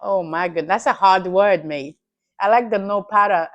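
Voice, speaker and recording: Woman, stream host, casual chatty delivery, teasing and quick to laugh. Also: mid-range voice, fairly bright tone. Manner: laughs often, playful and teasing with chat. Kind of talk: casual live-stream chat.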